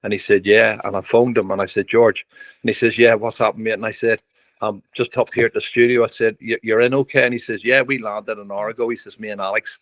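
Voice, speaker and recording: Older man, lowish voice, dry close sound, lively storytelling. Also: fast talker, dry recording. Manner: lively anecdotes with quoted dialogue and laughter. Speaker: podcast guest. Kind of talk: anecdotal storytelling.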